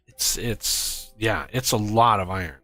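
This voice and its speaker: A gaming streamer mutters to himself in exasperation while planning and building his factory, in casual gameplay commentary. His lowish male voice is bright and forceful, at a measured pace, with no echo and soft background music.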